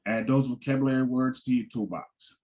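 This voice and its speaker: A man's voice: mid-range voice, fairly even intonation, a little fast, a little mellow. A man teaching a Hebrew vocabulary lesson, patiently repeating each word with frequent ums and restarts.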